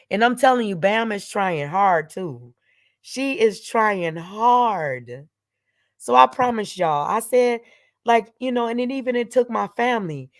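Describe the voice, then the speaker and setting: Middle-aged woman host, slow and emphatic, repeating her vows, close and dry sound. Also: mid-range voice, no echo. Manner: emphatic, repetitive, vowing and declaring. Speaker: channel host. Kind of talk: emotional direct-to-camera monologue.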